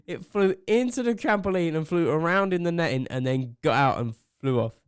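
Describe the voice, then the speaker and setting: A young man co-hosts a podcast in a small home studio, giving excited running commentary between laughs. His voice sits fairly high and swings widely up and down. The desk mic sounds close and dry. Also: a little fast, clear, resonant tone, no echo. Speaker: podcast co-host. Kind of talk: casual chat.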